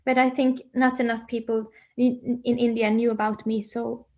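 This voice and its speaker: A woman's voice: fairly high pitch, little pitch movement, normal speed, a little mellow, muffled recording. A woman speaking as an interview guest from home on a video call, dreamy and searching for words, laughing often.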